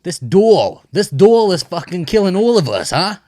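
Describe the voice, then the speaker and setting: A man voicing a loud, brash New Jersey tough guy who swears freely and speaks in an exaggerated New Jersey accent. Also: high-pitched, big pitch swings, normal speed, pitched above the performer's own voice.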